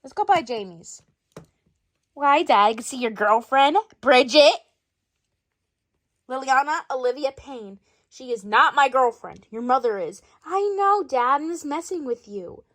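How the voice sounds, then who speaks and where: A woman performing an improvised skit, switching rapidly between many bickering characters in different voices. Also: sits high, expressive, a bit bright, no room sound, clean studio sound. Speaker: storyteller voicing every character. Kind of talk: improvised doll-play skit.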